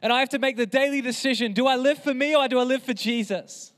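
A man's voice: very high voice, quick pace, a bit bright. A man preaching an impassioned sermon as pastor, with emphatic repeated phrases. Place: church hall. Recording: reverberant hall.

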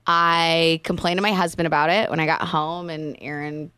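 A woman co-hosting a podcast in a somewhat low voice, speaking candidly and earnestly. Her delivery is plain and direct. The sound is dry and close, with no room echo. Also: flat delivery, normal speed, sharp tone, clean tone. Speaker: podcast co-host. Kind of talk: casual chat.

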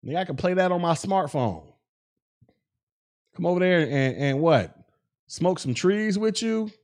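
A man's voice: high-pitched, expressive, normal speed, a little mellow. A man hosting a podcast, speaking in with blunt, mocking commentary and laughing at his own jokes. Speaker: podcast host. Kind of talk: casual commentary.

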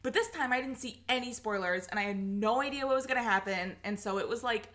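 A woman's voice: a little high, fast talker, fairly bright tone. A young woman co-hosting a casual podcast chat, giggly and gushing, swearing often, on a cheap echoey microphone. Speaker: podcast co-host.

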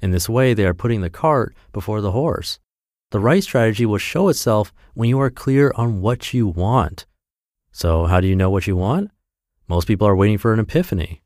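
A man's voice: lowish voice, lively intonation, moderate pace, a little mellow, dry recording, studio quality. A man narrating a self-help blog post for his podcast in an upbeat, emphatic reading voice.

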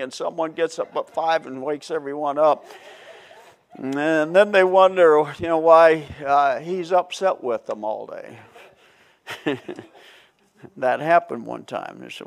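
A man preaching a Bible study sermon in a folksy way, chuckling often and restarting his phrases. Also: fairly high pitch.

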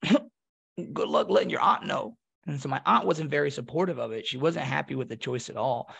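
Gravelly young man telling a story. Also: a little high, normal speed. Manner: animated, acts out quoted voices. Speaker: podcast guest. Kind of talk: casual storytelling.

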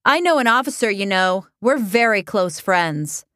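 A woman voicing a prim, pampered young woman detective who breaks into shrill, indignant outbursts. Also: animated, normal speed, sharp tone, no room sound, clean studio sound.

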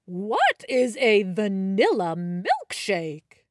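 A woman voicing a huge, greedy, childish male giant who booms and whines. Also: animated, very slow, a bit bright, no room sound, clean studio sound, heavily acted. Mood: puzzled. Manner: booming, whiny when hurt.

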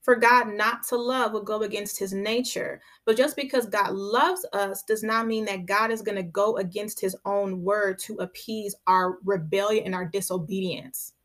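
A woman's voice: medium pitch, steady tone, moderate pace, few pauses, fairly bright tone. A woman hosting a podcast, giving a conversational Bible teaching. She speaks emphatically, repeats her key phrases, and keeps checking in with her listeners by asking "right?". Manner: drives points home by repeating phrases.

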